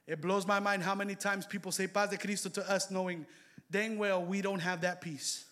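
Bright, high-voiced male preacher. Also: steady tone, moderate pace. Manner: swings from loud shouted exhortation to quiet intimate asides. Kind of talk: sermon.

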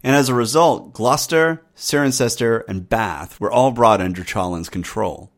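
A man's voice: medium pitch, normal speed. A man hosting a history podcast, reading a scripted narration in a wry, conversational way.

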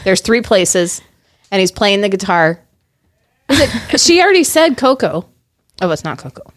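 Give me a woman at a family game night, chatty and animated, describing each gesture as it happens. She has a mid-range voice and a dry, close recording. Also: mid-range voice, moderate pace, no echo. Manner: animated play-by-play describing actions. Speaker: game player. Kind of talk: casual game night chat. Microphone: close podcast mic.

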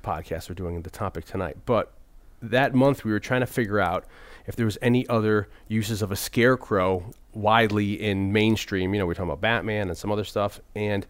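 A man's voice: lowish voice, brisk, hardly any pauses, dry recording. Rambling male podcast host, dry sound. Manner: rambling, animated, slips into silly impressions. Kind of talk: casual movie podcast chat.

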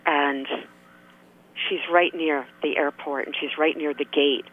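A man's voice: fairly high pitch, steady tone, measured pace. Musing man on a tinny phone line. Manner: musing, asks many rhetorical questions. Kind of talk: reflective talk radio monologue.

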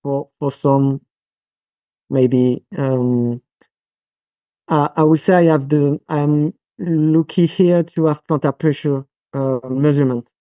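A man from France with a French accent, a physiotherapist guest on a podcast interview, speaking haltingly with many fillers and restarts. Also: a little high, fairly even intonation, dark tone, no echo.

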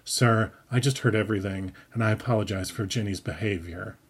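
A man voicing a big, panicky male store manager with a squeaky voice and a flustered, breathy manner. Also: brisk. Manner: flustered, breathy, whistling whisper.

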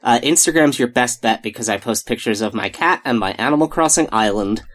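A man's voice: medium pitch, lively intonation, a little fast, a bit bright. A man co-hosting a podcast, chatting in a laid-back, rambling way. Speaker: podcast co-host. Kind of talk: casual chat.

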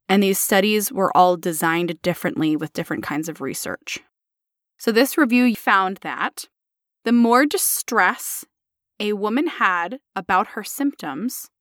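A woman's voice: mid-range voice, fairly bright tone, dry recording, clean studio sound. A woman co-hosting a podcast, explaining research in a sarcastic, incredulous way. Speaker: podcast co-host. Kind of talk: casual podcast chat.

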